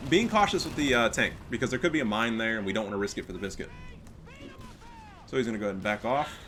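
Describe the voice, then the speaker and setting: A man casting a game replay, excitable and profane, full of trash talk. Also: fairly low pitch, fast, very noisy. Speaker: gaming commentator. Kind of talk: casual replay commentary.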